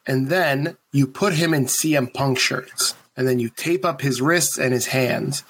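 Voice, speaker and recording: A man's voice: mid-range voice, unhurried, a bit bright, slight background noise. A man co-hosting a wrestling podcast in casual, rambling chat, laughing often. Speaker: podcast co-host.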